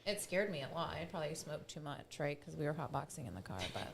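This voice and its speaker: Low-voiced woman rambling through a story. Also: sing-song, fast talker, gravelly, slight background noise. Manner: rambling, filler-heavy, laughs often. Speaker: podcast co-host. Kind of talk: casual storytelling chat.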